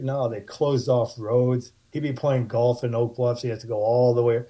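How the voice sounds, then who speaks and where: Man with a very dark voice, rambling stories. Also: mid-range voice, steady tone, a little fast. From Martha's Vineyard, USA. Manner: rambling anecdotes with many restarts. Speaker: podcast guest, actor. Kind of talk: casual storytelling.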